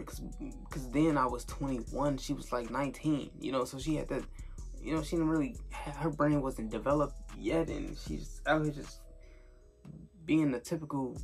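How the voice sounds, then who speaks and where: A man's voice: medium pitch, vocal fry. A young man telling a casual storytime vlog, rambling and swearing, with lots of filler tags. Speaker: storyteller vlogger.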